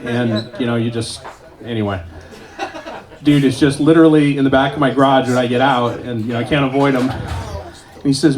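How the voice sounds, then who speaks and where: A man in his late forties performing a stand-up set at an open mic, telling stories in a deadpan way with self-aware asides. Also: mid-range voice. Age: 40s. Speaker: stand-up comedian. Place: small club stage with live audience.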